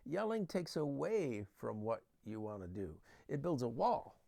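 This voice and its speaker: A man's voice: mid-range voice, sing-song, a little slow, vocal fry, mellow. A man giving an earnest Christian parenting talk that uses Bible verses and everyday examples.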